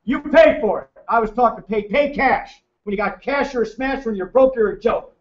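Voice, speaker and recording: A man's voice: very high-pitched, normal speed. A man giving a brash, joking financial seminar to a room, teasing the audience as he talks. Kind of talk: lively seminar talk to a room. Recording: roomy, distant, muffled room recording.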